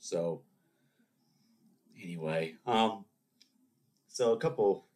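Sniffling with a cold, a podcast host talks on his own show in a lowish, expressive voice at a moderate pace. His chat meanders through digressions, peppered with jokey remarks to his listeners.

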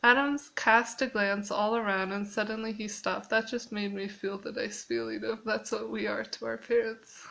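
A woman's voice: mid-range voice, fairly even intonation, normal speed, vocal fry, pushed and bright, rough recording. A woman reading a book aloud, stopping to reread phrases and add her own comments. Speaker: reader.

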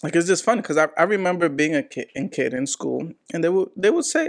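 Gravelly new guy hosting a chill joking chat, kinda high voice. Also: quick pace, hardly any pauses. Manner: slangy, animated, joking. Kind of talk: casual chat.

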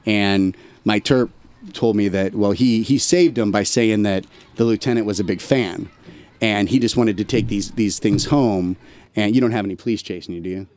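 A man's voice: fairly low pitch, normal speed, a little mellow. A man, an army veteran guest on a podcast, telling a long story in a loose, slangy, conversational way. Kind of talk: casual storytelling chat.

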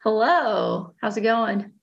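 A woman co-hosting a podcast, chatting casually with her sister in a relaxed, dry way. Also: on the high side, slow pace, creaky, dull audio. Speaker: podcast co-host. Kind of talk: casual chat. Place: home in Italy.

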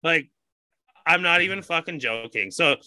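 A man's voice: fairly high pitch, expressive, moderate pace, bright, forceful tone, no room sound. A man hosting a podcast in casual chat, telling rambling stories with a lot of swearing. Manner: swears often, ranting storyteller. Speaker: podcast host.

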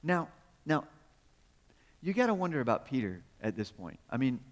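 A man's voice: mid-range voice, sing-song, moderate pace. A man preaching a sermon in a conversational, storytelling way, asking rhetorical questions and chuckling as he goes. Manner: chuckles often while speaking. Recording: long reverb of a large hall.

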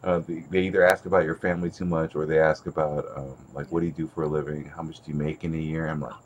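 A man's voice: a bass voice, little pitch movement, fast, slight background noise. A man co-hosting a podcast in laid-back, slangy casual chat. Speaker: podcast co-host.

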